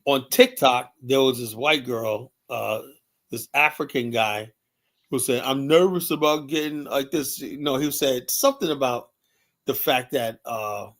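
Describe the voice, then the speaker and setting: A man with a New York accent hosting a casual opinion chat, rambling and animated, with "you know" after nearly every phrase. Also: medium pitch, measured pace. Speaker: show host.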